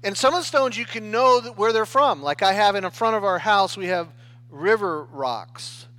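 High-voiced man preaching conversationally. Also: normal speed, fairly bright tone. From United States. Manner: conversational preaching with frequent "right?" and restarts. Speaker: pastor. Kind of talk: sermon.

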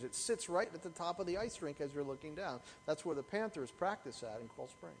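A middle-aged pastor delivers a sermon in a high, light, slightly breathy voice. He tells stories with animation and keeps throwing rhetorical questions at the congregation. A long reverb carries his words through the church hall.

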